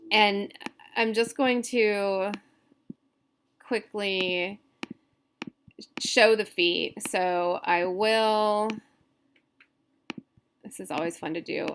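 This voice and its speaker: A woman instructor talks through poetic meter at an unhurried, slow pace. She explains loosely, with many fillers and self-corrections along the way. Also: medium pitch, steady tone, fairly bright tone, slight background noise. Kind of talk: recorded lecture on poetry meter.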